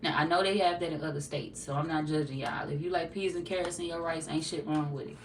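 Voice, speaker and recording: A woman's voice: low-pitched, fairly even intonation, fast. A young woman with a St. Louis accent, chatting casually with her livestream viewers, loose, profane and joking. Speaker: tarot livestream host. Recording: roomy, distant from the mic, light noise.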